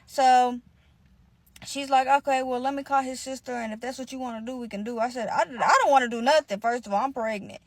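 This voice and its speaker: A young woman with a somewhat high voice tells a story in casual, rapid-fire bursts, swearing freely and slipping into each person's voice for the quotes. The sound is close and dry, with no room around it. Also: no echo. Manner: animated, profane, acts out quotes.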